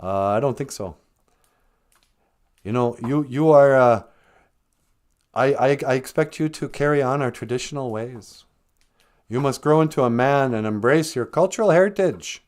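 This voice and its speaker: A man's voice: medium pitch, moderate pace, long pauses, a little mellow, lightly acted. A man voicing a very old, traditional grandfather who lectures in a stern way.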